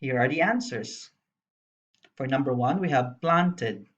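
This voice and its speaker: Female primary teacher, unhurried and patient, recorded lesson narration with a slightly muffled sound. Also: extremely low pitch, expressive. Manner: slow, spells letters out, explains patiently. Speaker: primary school English teacher. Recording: dull lo-fi voice-over.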